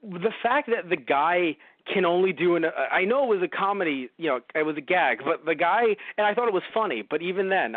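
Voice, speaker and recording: A man's voice: on the high side, no echo, narrow, tinny audio. A man co-hosting a podcast, reviewing a movie in casual, rambling chat, sarcastic and swearing freely. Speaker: podcast co-host.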